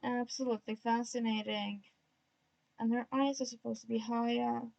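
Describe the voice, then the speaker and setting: A woman's voice: a little high, level tone, moderate pace, creaky, a little mellow, dull audio. A young woman streaming while she draws, chatting to herself in a self-mocking way and remarking on her own odd tone of voice. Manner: admits to an odd put-on tone today. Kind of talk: casual livestream chat while drawing.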